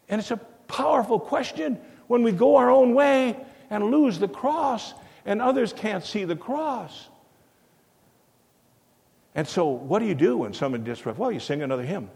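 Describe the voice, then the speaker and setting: A man's voice: high voice, expressive, moderate pace, vocal fry, darkish tone. An older man telling a rambling story in a sermon, full of fillers and restarts, recorded in a church. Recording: long hall reverb.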